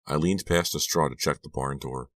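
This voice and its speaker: This is scripted audiobook narration from a man whose voice is extremely deep. His storytelling stays steady and measured, and the sound is close and fully dry, without any room echo.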